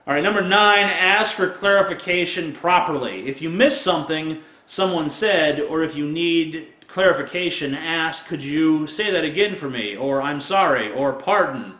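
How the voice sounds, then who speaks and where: A man's voice: a little high, moderate pace, few pauses, bright, forceful tone, echoey room. A man ranting crudely and sarcastically to camera in a casual video, laughing at his own jokes. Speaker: video blogger. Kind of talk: profane comic rant to camera.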